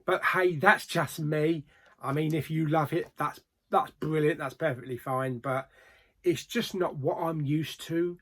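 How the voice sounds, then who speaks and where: A man's voice: on the high side, steady tone, a bit bright. Chatty man reviewing films. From Australia. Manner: plain-spoken, with frequent ums and trailing pauses. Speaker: movie reviewer. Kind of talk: casual movie review vlog.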